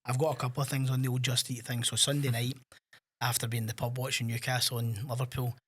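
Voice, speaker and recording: A Scottish man co-hosting a podcast in casual chat, telling animated anecdotes and acting out the voices of people in his stories. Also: medium pitch, fast, slightly rough. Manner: animated storyteller, acts out quoted voices. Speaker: podcast co-host.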